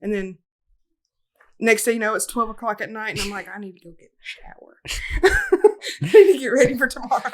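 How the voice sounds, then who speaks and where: A woman's voice: on the high side, sing-song, fairly quick, pauses often. A woman co-hosting a podcast in casual chat, rambling through stories and laughing often as she talks. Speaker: podcast co-host.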